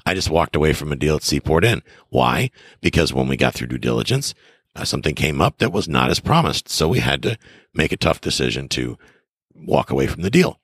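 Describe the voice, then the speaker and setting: A middle-aged real estate investor hosts a podcast, giving casual advice in a very deep, husky voice that's a bit bright. He's enthusiastic, emphatic and brisk, with big pitch swings as he acts out little conversations. The sound is dry and close, with no room sound.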